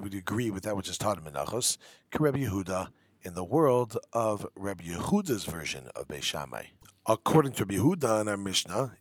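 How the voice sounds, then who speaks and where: A man's voice: on the low side, dry recording. A man teaching a Talmud lesson, reading the text in a sing-song study chant and explaining each phrase in casual English.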